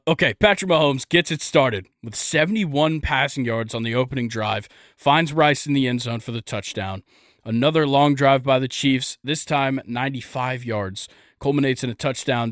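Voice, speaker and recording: Young dude rambling on a sports podcast, jokey, tons of ums, dry close sound. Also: male voice, medium pitch, moderate pace, fairly bright tone, no room sound. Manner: rambling, jokey, lots of fillers. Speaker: podcast host. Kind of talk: casual sports podcast chat.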